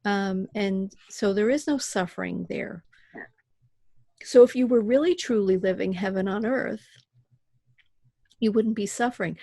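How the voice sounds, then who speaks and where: A woman's voice: mid-range voice, a little slow, gravelly, pauses often, dry recording. A middle-aged woman, a podcast guest, talking casually and animatedly about spirituality and raising her children. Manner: animated storyteller who acts out voices.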